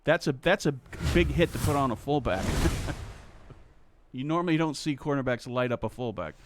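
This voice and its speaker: A man's voice: mid-range voice, animated, moderate pace, noisy background. A man giving color commentary in esports football, teasing his partner and agreeing with his calls. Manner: teasing, affirming banter.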